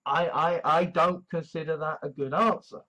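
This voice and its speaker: A man's voice: on the high side, fairly even intonation, normal speed, sharp tone. A man talking in a casual vlog monologue, stuttering and repeating himself often and swearing freely. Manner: stammering, repeating "I" over and over. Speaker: video essayist.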